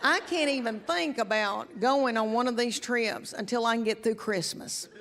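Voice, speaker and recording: A woman's voice: mid-range voice, noisy background. Folksy woman comedian, live hall. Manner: folksy, self-deprecating storytelling drawl. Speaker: stand-up comedian. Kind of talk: stand-up comedy set. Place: large theater stage with audience. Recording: live hall reverb, faint ambience.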